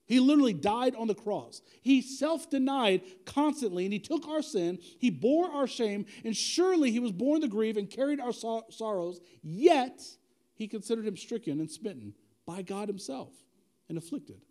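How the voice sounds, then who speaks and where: Casting: male pastor, high and expressive, mellow tone, chatty sermon full of slang and direct questions. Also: moderate pace. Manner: animated and conversational, with slang and direct questions to the congregation.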